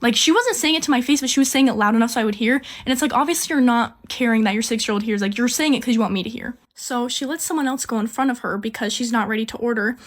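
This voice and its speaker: A young woman telling a casual storytime about her job, chatty and indignant, with lots of "like". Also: on the high side. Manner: chatty, fast, full of "like", quoting people with indignation. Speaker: storyteller recounting a job as a cashier.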